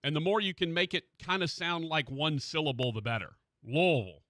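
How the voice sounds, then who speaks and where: Sports radio host, man, chatty and excitable, a bit high-pitched. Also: a little fast, dry recording, clean studio sound. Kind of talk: casual sports talk. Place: radio studio.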